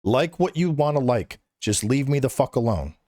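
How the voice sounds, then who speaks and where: A man's voice: medium pitch, expressive, normal speed, mellow, no room sound. Guest in a casual podcast: a man who rants bluntly and profanely, in a dry close-miked sound.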